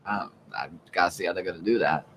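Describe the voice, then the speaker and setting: A man co-hosting a casual live show, talking in a halting way with frequent fillers and restarts. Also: sits low, a bit bright, rough recording. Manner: halting, lots of uh and you know, restarts. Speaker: co-host. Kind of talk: casual chat about comics and TV.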